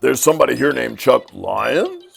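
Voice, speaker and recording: A man's voice: mid-range voice, sing-song, normal speed, gravelly, loud music behind the voice. A man co-hosting a live stream with jokey, exclamatory banter. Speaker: co-host and puppeteer.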